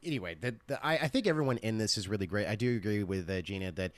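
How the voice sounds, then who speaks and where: Low-voiced, profane man reviewing a series. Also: fast talker, no room sound. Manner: rambling, profane, animated. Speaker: podcast co-host reviewing a TV series. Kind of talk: casual review chat.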